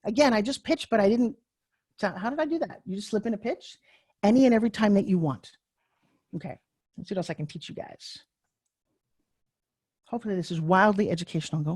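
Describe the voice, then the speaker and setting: A woman in her sixties giving a live online class as a pitch coach, in a chatty, joking, candid storytelling way over a video call. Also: brisk, pauses often, darkish tone, slightly rough, no room sound, clean studio sound. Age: 60s.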